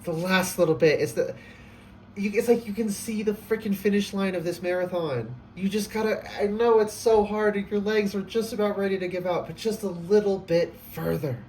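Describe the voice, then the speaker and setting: A man giving a casual spoken tarot reading, excitable and emotional, gushing and laughing often. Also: high-pitched, normal speed, far from the mic, slight background noise. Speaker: tarot reader.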